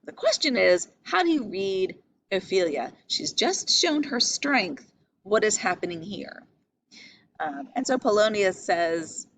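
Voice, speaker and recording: A woman's voice: medium pitch, sing-song, a little slow, fairly bright tone, slight background noise, rough recording. A woman teaching a lecture on a play, explaining patiently, asking questions and stressing key words. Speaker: literature teacher.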